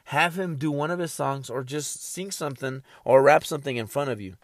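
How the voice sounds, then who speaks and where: A young man ranting in a casual monologue, animated and profane, repeating himself and laughing at his own points. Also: medium pitch, fairly quick, dry recording.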